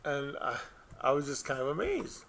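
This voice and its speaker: A man's voice: medium pitch, huge pitch swings, normal speed, fairly bright tone. A middle-aged man, an author, chatting casually to camera and telling a rambling story with frequent laughs. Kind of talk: casual vlog chat.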